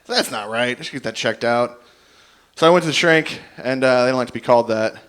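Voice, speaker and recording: A man doing a dry, deadpan, self-mocking stand-up set on a comedy club stage. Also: mid-range voice, fast talker.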